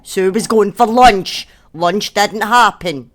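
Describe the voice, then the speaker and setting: A woman from Northern England chats easily with her co-host through a headset. Her tone is relaxed and teasing, and she drops in "aye" now and then. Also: medium pitch, takes it slowly. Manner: relaxed, joking, says "aye". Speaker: podcast co-host. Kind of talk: casual chat.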